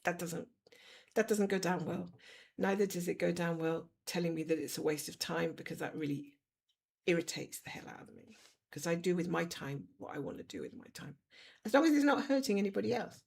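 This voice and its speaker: A middle-aged woman hosts a cross-stitch livestream from her home, talking bluntly to viewers and cooing at her cat. Her voice sits low with a gravelly, husky edge. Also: a little fast, darkish tone. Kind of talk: casual chat while stitching. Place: home room.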